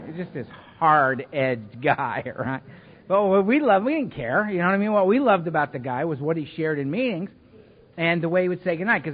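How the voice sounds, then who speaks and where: Joking man telling stories in an echoing hall. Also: fairly high pitch. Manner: humorous, self-mocking storyteller with many asides. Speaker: recovery meeting speaker. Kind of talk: recovery talk with personal stories. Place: meeting hall before an audience. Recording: reverberant hall, dull lo-fi sound.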